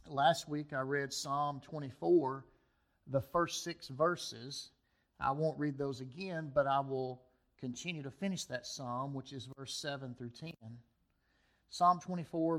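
A man preaching a sermon to his congregation, reading scripture and a poem aloud with rising emphasis. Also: a little high. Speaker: pastor.

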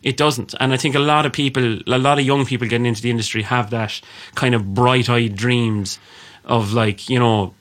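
A man's voice: medium pitch, moderate pace. A young man with an Irish accent, co-hosting a podcast in blunt, sweary casual chat. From Ireland. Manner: blunt, sweary, lively storytelling. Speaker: podcast co-host.

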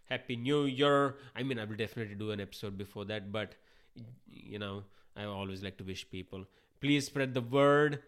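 A man's voice: fairly low pitch, moderate pace, fairly bright tone, clean tone. A man from India, hosting a podcast while sick and under the weather, in a rambling, self-deprecating monologue that swears casually. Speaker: podcast host.

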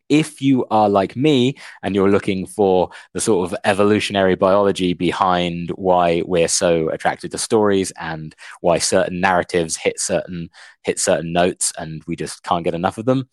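A young man co-hosting a casual book podcast, telling a plot with lots of "like" and an animated retelling. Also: sits low, no room sound, studio quality. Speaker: podcast co-host.

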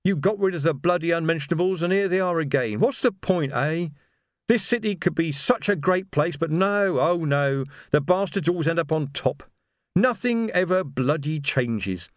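A man's voice: fairly high pitch, normal speed, few pauses, dry recording, studio quality, natural voice. A man voicing a grieving, bitter male militiaman who weeps and rails against the world. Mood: bitter despair. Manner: bitter, wailing. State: crying.

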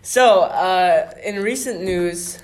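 A man's voice: high voice, slow pace. A man co-hosting a podcast, chatting casually with friends in a joking, teasing way and laughing often. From father from the United Kingdom. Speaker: podcast co-host. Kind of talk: casual banter among friends.

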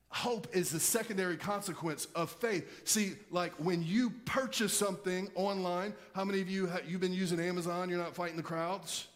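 High-voiced man preaching emphatically. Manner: emphatic preaching, rhetorical questions to the congregation. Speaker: pastor. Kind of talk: sermon.

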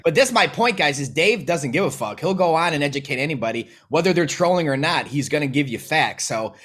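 A man's voice: a little high, expressive, fairly quick, fairly bright tone, slightly rough. A young man hosting a podcast interview, asking questions with emphatic energy. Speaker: podcast host. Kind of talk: casual interview.

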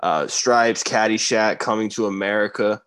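A man's voice: fairly low pitch, steady tone, moderate pace, fairly bright tone, clean tone. A young man co-hosting a podcast in casual chat, laid-back and laughing often. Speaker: podcast co-host.

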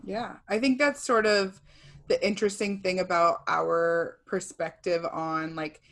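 Wry, low-voiced Boston woman. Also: steady tone, a little slow, fairly bright tone. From Cambridge, Massachusetts. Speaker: podcast co-host. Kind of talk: casual chat.

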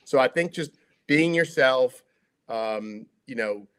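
Middle-aged man, ex-sports broadcaster, relaxed guest chatter, mid-pitched, lots of "like" and self-corrections. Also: takes it slowly, clean tone. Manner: chatty, many fillers and restarts. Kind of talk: casual interview chat.

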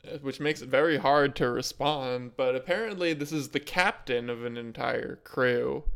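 A man co-hosting a podcast, chatting casually with quick, wry comebacks. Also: mid-range voice, creaky, a bit bright, clear, resonant tone. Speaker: podcast co-host. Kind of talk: casual comedic chat.

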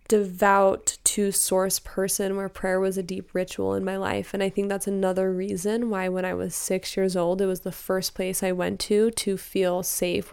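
A woman's voice: medium pitch, vocal fry, a little mellow, smooth. A young woman from Utah, a podcast guest talking earnestly and emotionally about prayer and spirituality. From Salt Lake City, Utah. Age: young adult. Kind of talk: casual spiritual interview talk.

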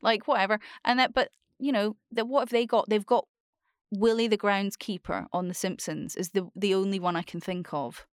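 A young woman speaks in a soft Scottish accent, chatting in a loose, rambling way. She is candid and self-deprecating, and she swears freely. Her voice sits at a middle pitch and sounds dry and close. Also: fairly even intonation, moderate pace, clean tone, no room sound. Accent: soft Scottish, Edinburgh-like. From born in Australia, raised between Scotland and Australia. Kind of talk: casual chat.

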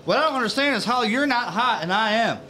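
A man co-hosting a casual podcast from a garage, telling stories loudly and profanely, a little tipsy from drinks. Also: extremely high pitch, fast talker, slight background noise. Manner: loud, profane, animated storyteller. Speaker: podcast co-host. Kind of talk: casual chat.

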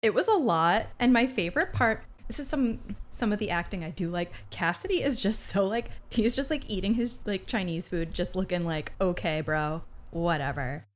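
A woman co-hosting a podcast, recapping a TV episode in incredulous, animated casual chat and acting out quoted lines. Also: mid-range voice, moderate pace, few pauses. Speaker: podcast co-host.

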